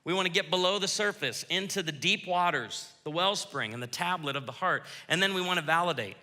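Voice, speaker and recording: A man preaching a sermon as pastor, lively, acting out quoted lines as he goes. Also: sits high, fairly quick. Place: church auditorium. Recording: reverberant church hall.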